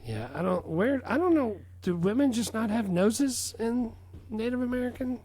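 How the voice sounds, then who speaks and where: A man's voice: very high voice, animated, normal speed, dark tone, husky. A man co-hosting a movie podcast, chatting casually with wry, offbeat jokes. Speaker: podcast co-host. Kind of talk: casual chat.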